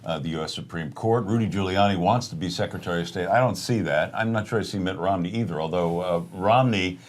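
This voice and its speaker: A man's voice: low-pitched, quick pace. A man co-hosting a casual political talk show, steadily setting up topics and answering his partner with short agreements. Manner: steady, conversational, leads topics with brief agreements. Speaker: co-host.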